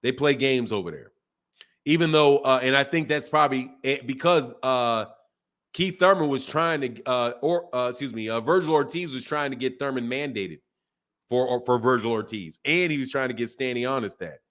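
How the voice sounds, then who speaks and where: A man's voice: mid-range voice, moderate pace, fairly bright tone. A man hosting a boxing channel, casually chatting on a live stream and reading viewer comments, repeating phrases as he goes.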